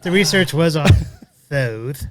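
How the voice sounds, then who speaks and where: Male co-host with a slightly high voice, relaxed and keeps the show moving. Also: slow pace, no echo. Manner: steers the segments, easygoing. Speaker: podcast co-host. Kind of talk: casual chat.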